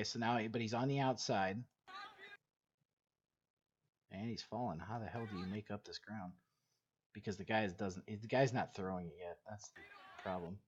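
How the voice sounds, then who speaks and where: A man's voice: lowish voice, slight background noise. A man coaching his team through game footage, talking bluntly and casually, repeating himself and swearing now and then. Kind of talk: casual game film breakdown. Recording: dull lo-fi recording.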